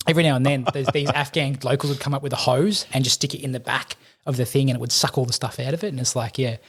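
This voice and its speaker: A man's voice: medium pitch, steady tone, husky. A middle-aged Australian man, a podcast guest, telling rambling war anecdotes in casual chat. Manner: rapid, rambling anecdotes with laughter. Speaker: podcast guest, army veteran and firefighter.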